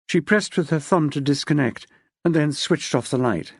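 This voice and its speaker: A woman narrating a crime novel in a measured, expressive reading. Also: low-pitched, husky, no echo, clean studio sound. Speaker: audiobook narrator. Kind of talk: scripted narration.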